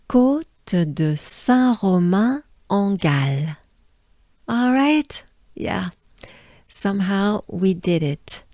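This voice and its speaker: A native French woman with a French accent leads a pronunciation drill. She speaks very slowly and repeats each sound patiently, coaching the listener to say it with her. Her voice is recorded dry, with no room sound. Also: medium pitch, darkish tone, dry recording. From France. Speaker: pronunciation teacher.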